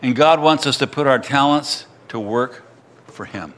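A man's voice: mid-range voice, a little slow, a bit bright. A man preaching a sermon, reading scripture aloud and retelling it in casual everyday words.

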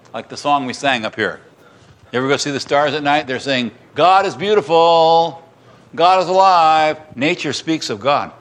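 A man's voice: mid-range voice, a bit bright. A middle-aged man preaching a sermon as pastor in a church, acting out crowd cries and restarting his sentences.

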